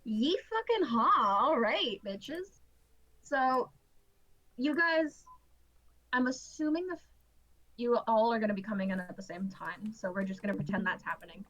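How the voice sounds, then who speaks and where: A woman's voice: medium pitch, normal speed, long pauses, low-quality recording. A tired woman narrating as game master, casual and swearing, often laughing and tripping over her words.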